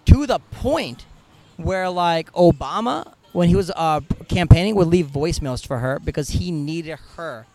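Lively American guy telling stories. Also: on the high side, measured pace, a little hiss or hum. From United States. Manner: animated, profane, laughs through his stories. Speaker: podcast guest. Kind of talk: casual storytelling chat.

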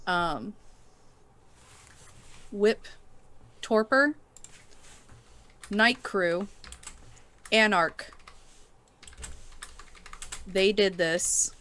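A woman takes her turn in a tabletop game at an unhurried pace. She speaks plainly and matter-of-factly, at a middle pitch. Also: fairly bright tone. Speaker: player.

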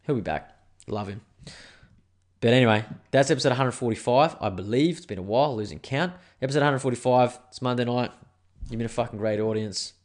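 A man's voice: mid-range voice, a little fast. A man with an Australian accent hosting a solo podcast, ranting angrily and swearing as he rambles. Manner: angry, profane, rambling. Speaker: podcast host.

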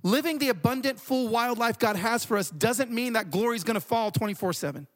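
Animated storytelling male pastor. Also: extremely high pitch, brisk. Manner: animated, repeats words while telling stories. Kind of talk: storytelling sermon.

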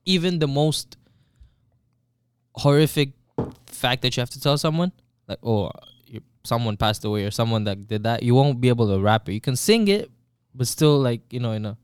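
A man with a smooth, clear voice chats as a guest on a casual podcast. He talks in an easygoing way and slips in jokes. The recording is close and dry. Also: mid-range voice, expressive, moderate pace, dry recording.

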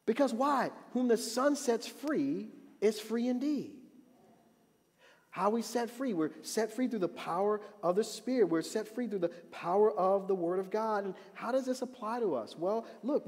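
A man preaching a sermon as pastor, animated and building to emphatic repeated refrains. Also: high-pitched, measured pace. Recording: long reverb of a hall.

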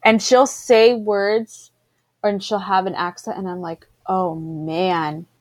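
A woman's voice: medium pitch, measured pace, dry recording. A woman co-hosting a casual chat, bubbly and chatty, laughing often. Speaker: podcast co-host.

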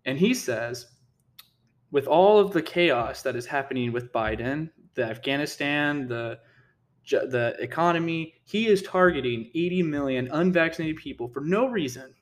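A man's voice: a little high, lively intonation, normal speed. A man giving casual opinion commentary, heated and indignant, who often stumbles over his words and repeats himself. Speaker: political commentator.

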